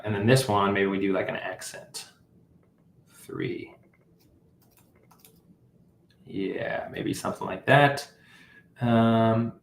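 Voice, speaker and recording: Building an app on a livestream, this man talks through his work casually, thinking aloud with fillers and correcting himself. His voice is lowish, slow and gravelly. The room is reverberant, with slight background noise.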